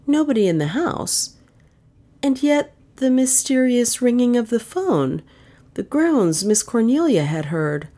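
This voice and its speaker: Woman reading an old mystery book, lowish voice, slow and dramatic. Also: very animated, dark tone. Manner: measured, dramatic storytelling. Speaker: audiobook narrator. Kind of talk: scripted narration of a mystery novel.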